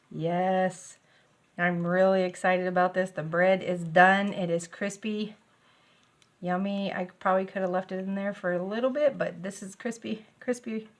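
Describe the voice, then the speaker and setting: A middle-aged woman, gushing with excitement as she demonstrates a recipe in her home kitchen. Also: medium pitch. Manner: bubbly, gushing, easily excited. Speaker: home cooking vlogger. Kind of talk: casual cooking demonstration.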